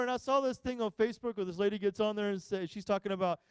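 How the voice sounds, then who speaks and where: High-voiced, joking male pastor. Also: fairly even intonation, fast, smooth, no room sound. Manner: jokey storyteller acting out quoted voices. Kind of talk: humorous sermon. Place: church service live stream.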